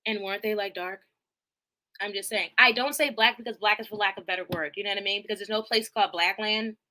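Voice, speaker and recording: Bright-voiced rambling woman streamer. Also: medium pitch, quick pace. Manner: rambling, swearing, animated, laughing asides. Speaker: live streamer. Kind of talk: casual movie recap chat.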